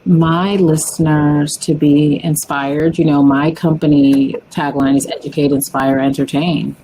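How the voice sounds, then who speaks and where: Low-voiced, unhurried woman podcast host. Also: level tone, dark tone, a little hiss or hum, poor audio. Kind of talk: casual podcast interview.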